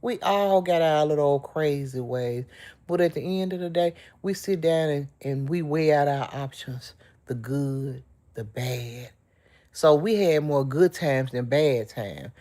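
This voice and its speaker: A woman's voice: deep voice, unhurried, dark tone. A middle-aged woman hosting a livestream, chatting in a heartfelt, emotional way straight to her viewers. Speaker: livestream host. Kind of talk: casual livestream chat with viewers.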